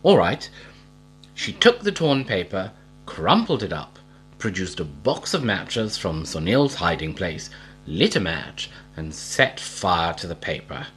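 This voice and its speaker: A man reading a storybook aloud in a slow, expressive storytelling manner. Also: low voice, faint music behind, poor audio.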